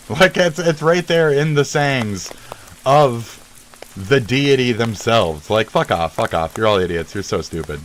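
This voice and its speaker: A man delivering an angry, swearing rant as a vlogger, sneering and scornful, outdoors near traffic. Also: lowish voice. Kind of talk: profane ranting monologue.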